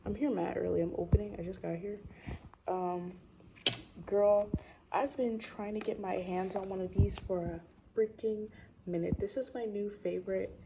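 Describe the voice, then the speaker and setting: Young woman, casual chatty vlogger, slangy, soft muttered asides, phone camera, noisy workplace background. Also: medium pitch, steady tone, moderate pace, creaky. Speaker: vlogger at work. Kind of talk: casual vlog chat. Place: indoor workplace at opening time.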